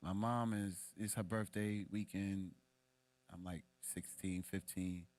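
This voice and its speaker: A young man co-hosting a podcast, telling a casual story full of profanity and street slang. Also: takes it slowly. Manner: animated, acts out quoted voices in a much higher pitch. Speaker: podcast co-host.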